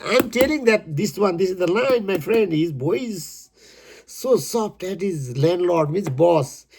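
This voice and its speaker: Gravelly husky man. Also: a little high, a little mellow. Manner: emphatic, repeats words, non-native English with halting restarts. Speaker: poet explaining his poem. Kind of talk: casual spoken explanation.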